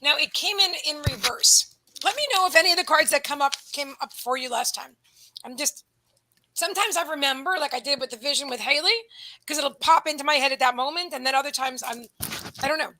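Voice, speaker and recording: A woman giving a live psychic card reading, rambling and breaking off mid-sentence, with quiet murmured asides. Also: high voice, a little fast, low-quality recording. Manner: rambling, self-interrupting, drops into soft asides. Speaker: psychic reader.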